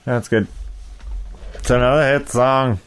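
A man's voice: medium pitch, fairly even intonation, unhurried, clear, resonant tone. A man hosting a podcast, chatting casually in a joking, sarcastic way and laughing often. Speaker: podcast host and songwriter. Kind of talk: casual chat.

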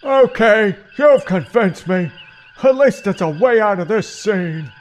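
A man doing a brusque, high-voiced officer. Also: expressive, takes it slowly. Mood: impatient. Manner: brusque, impatient. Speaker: voice actor.

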